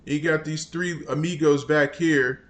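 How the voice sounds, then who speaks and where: A man's voice: a little high, steady tone, unhurried. Exasperated male political commentator. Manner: exasperated, scornful, rambling with restarts.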